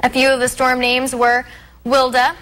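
A woman's voice: high voice, monotone, moderate pace, a bit bright, poor audio. A young woman co-hosting a local TV morning show, reading contest news and a history segment in an upbeat, teasing way. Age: young adult. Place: TV news studio.

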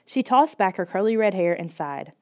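A woman reading a children's storybook in the first person, steady and expressive. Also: medium pitch, moderate pace. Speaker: audiobook reader.

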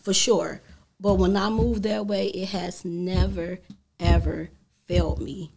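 A woman guest on a talk show, an animated storyteller who acts out the voices she quotes. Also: fairly low pitch, slow, vocal fry, background noise. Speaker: guest entrepreneur. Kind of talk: casual talk show conversation.

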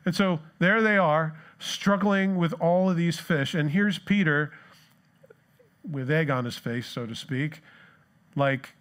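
Man, pastor, sermon in church, fairly high voice, animated storyteller. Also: slow.

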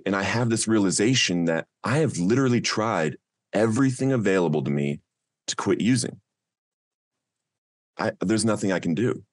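A man with a fairly low voice tells his own story of recovery as a podcast guest. He speaks earnestly and from the heart. The sound is dry and close, with little room echo.

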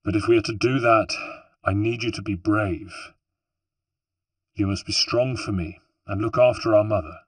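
A man's voice: lowish voice, fairly even intonation, normal speed, dry recording, far from the mic, natural voice. Man voicing a resolute young hero. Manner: firm, urgent instructions.

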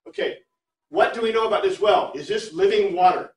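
A man teaching a Bible class, chatty and animated, reading Greek phrases word by word for his students. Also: sits high, fairly quick. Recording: echoey room, far from mic.

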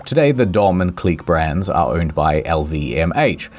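A man's voice: animated, moderate pace, darkish tone, slight background noise. A man telling a comedic history story with playful, dramatic timing. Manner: dramatic, playful timing with big pitch swings. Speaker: host.

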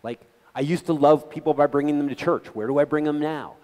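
A middle-aged man giving an animated, conversational talk to a gathering, telling stories with quoted voices and frequent restarts. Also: fairly high pitch, a little fast, big-room sound. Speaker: guest speaker. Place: meeting hall.

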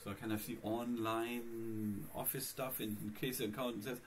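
Talking briskly with a flat delivery, a Linux vlogger in a casual screencast chats and rambles to his viewers about his computer setup. His voice is mid-range, and there's a little hiss or hum in the audio.

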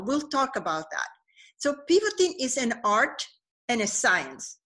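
A middle-aged woman presenting a business webinar, telling stories in an animated way with frequent fillers and restarts. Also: on the high side.

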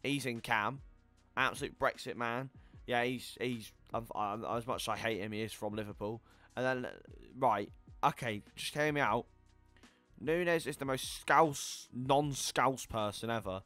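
An eighteen-year-old man giving casual gameplay commentary, chatty and swearing, yelling at the game. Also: medium pitch, measured pace, dry recording, soft background music. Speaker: gaming YouTuber.

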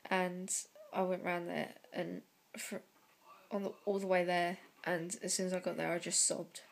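A young woman talking to camera in a personal vlog, close to tears, halting and full of fillers and sighs. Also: on the low side, flat delivery, gravelly. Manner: slow, hesitant delivery. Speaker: vlogger.

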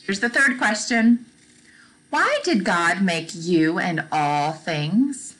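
A young woman teaching a gentle Bible lesson to toddlers, asking questions, repeating them and praising often. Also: fairly low pitch, low-quality recording. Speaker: children's teacher.

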